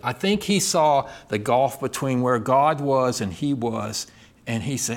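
A man's voice: mid-range voice, measured pace. A middle-aged male pastor preaching a sermon, reading scripture aloud and asking his listeners questions. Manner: expressive preaching, voicing scripture and God's lines, asks the congregation questions.

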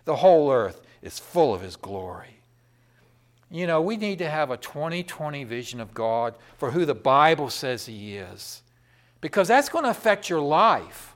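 Impassioned high-voiced male preacher. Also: expressive, moderate pace. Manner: impassioned, swings between loud proclamation and quiet storytelling. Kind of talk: sermon.

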